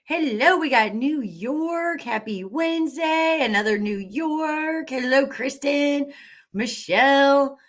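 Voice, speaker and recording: A woman's voice: sits high, takes it slowly. A middle-aged woman hosting a live stream into her webcam, bubbly and enthusiastic, greeting viewers and cheering with whoops. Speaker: livestream host.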